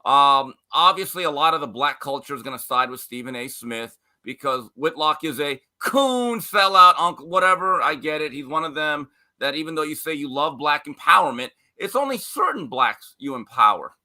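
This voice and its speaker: A man's voice: on the high side, animated, normal speed, hardly any pauses, pushed and bright. A man speaking as a guest sports commentator on a talk show, opinionated and emphatic, mocking others in casual chat.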